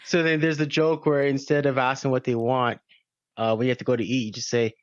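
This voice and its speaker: A man's voice: mid-range voice, little pitch movement, fairly quick, muffled recording. Guy hosting a podcast, medium voice, jokey, acts out little dialogues. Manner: joking, tells anecdotes with acted-out dialogue. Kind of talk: casual podcast discussion.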